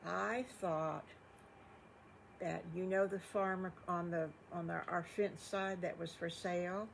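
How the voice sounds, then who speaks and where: A woman's voice: on the low side, steady tone, slow pace, gravelly, slight background noise. An older woman voicing a kind, chatty farmer husband in a storybook, in a rambling, homey way.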